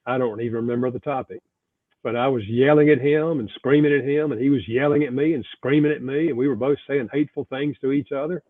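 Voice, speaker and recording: An older man, an author and pastor, telling a personal story earnestly in an interview, his voice dropping soft at tender moments. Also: medium pitch, steady tone, quick pace, no echo. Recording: tinny phone-like line, dry.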